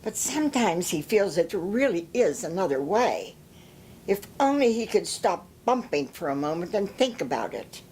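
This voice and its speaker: A woman reading a children's story aloud, explaining things gently with small restarts. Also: on the low side, very animated, moderate pace, a little hiss or hum. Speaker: storybook reader.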